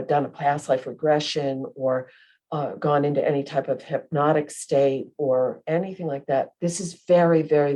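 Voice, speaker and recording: A woman's voice: deep voice, warm tone. A woman co-hosting a spiritual podcast, talking in a rambling way and often stopping to search for her words. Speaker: podcast co-host, medium. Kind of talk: casual spiritual chat.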